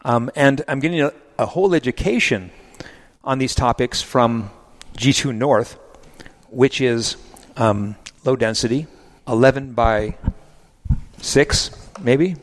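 In a casual podcast conversation, a man who owns a vineyard and grows grapes explains his planting choices. He has a mid-range voice and comes across as measured and self-deprecating.

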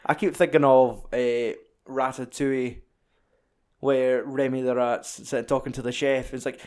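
A Scottish man in relaxed film chat, mid-pitched and easygoing. He swears freely and keeps slipping into jokey acted-out bits of dialogue. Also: normal speed. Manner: sweary, jokey, acts out film lines in other voices. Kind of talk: casual chat about films.

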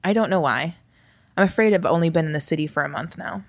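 A woman's voice: low voice, fast talker, no room sound. A woman voicing a curious, naive young mermaid with a foreign accent, speaking cheerfully and earnestly. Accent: foreign, hard to place. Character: young female mermaid on a gap year, curious.

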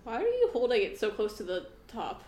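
A woman's voice: fairly high pitch, wildly swooping pitch, brisk, warm tone, slight background noise. A young woman co-hosting a podcast, chatting casually and giggling while watching a film, with lots of fillers. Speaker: podcast co-host. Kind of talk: casual watch-along chat. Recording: roomy echo.

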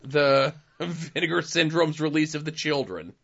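Podcast host guy, bright sharp voice, rambles a bit, lo-fi sound. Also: a little high, expressive, measured pace, gravelly. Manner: rambling, many fillers, wraps up the show. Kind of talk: casual chat. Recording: dull lo-fi sound.

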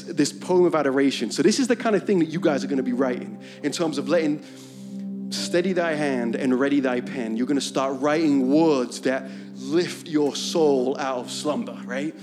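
A man with a fairly high voice preaching a sermon. He reads psalms earnestly and rises into a loud, fervent chant. Music plays clearly behind him. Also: moderate pace.

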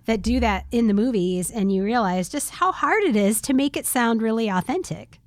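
A woman's voice: on the high side, expressive, moderate pace, no room sound. Giggly middle-aged woman, dry close sound. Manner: giggly, chatty. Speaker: podcast co-host. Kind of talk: casual chat.

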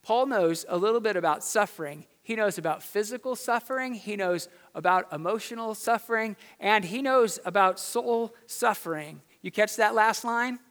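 A man's voice: sits high, moderate pace, hardly any pauses, a bit bright, long reverb tail. A man preaching a sermon as pastor in a church, building his points through emphatic repetition. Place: church sanctuary.

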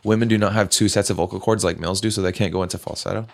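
A man's voice: sits low, fairly even intonation, rapid-fire, vocal fry. A man co-hosting a podcast in casual, crude banter, teasing and laughing often. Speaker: podcast co-host.

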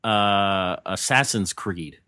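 A man's voice: on the low side, slow pace, bright, forceful tone, clear, resonant tone. A man, an entertainment editor on a podcast panel, chatting playfully. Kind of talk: casual panel chat.

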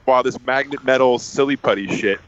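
Man, mid-pitched, excited ranting podcast co-host. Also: fairly quick, lo-fi sound. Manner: excited, ranting, animated retelling. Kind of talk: casual chat.

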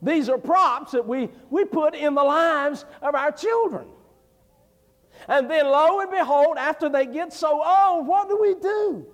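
A man's voice: very high voice, measured pace, a bit bright. A middle-aged man preaching a sermon as an evangelist, telling homely stories and building to fervent declamation. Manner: folksy storytelling, rising to fervent declamation. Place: church sanctuary. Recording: long church hall reverb.

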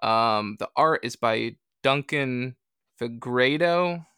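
A man's voice: mid-range voice, slow, fairly bright tone, clean tone, no room sound, studio quality. A man co-hosting a comics podcast, chatting casually in a joking, rambling way. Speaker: podcast co-host.

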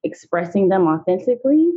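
A woman guest who works as an emotional wellness coach, speaking in a measured, thoughtful way in a podcast conversation and laughing easily. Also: medium pitch, sing-song, dark tone, breathy edge. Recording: phone-like lo-fi sound.

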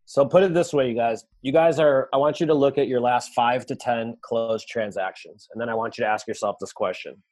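A man co-hosting a casual business chat, speaking emphatically with quiet low asides. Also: fairly quick, few pauses. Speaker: co-host.

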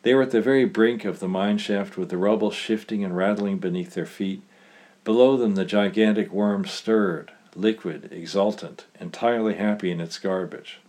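A man reading his own short story aloud in a plain, steady way. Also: fairly low pitch, moderate pace.

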